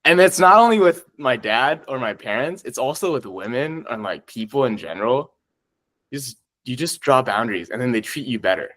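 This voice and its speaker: Excitable swearing man on a podcast. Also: medium pitch, fairly quick, low-quality recording. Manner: excitable, swears a lot, laughs while talking. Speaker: podcast guest. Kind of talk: casual chat.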